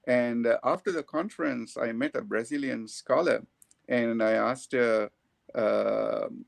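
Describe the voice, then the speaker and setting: Sri Lankan man with a gravelly voice. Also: medium pitch, a little slow, no room sound. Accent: Sri Lankan English. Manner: thoughtful, many filler "uh"s. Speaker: academic speaker. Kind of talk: academic talk at a colloquium.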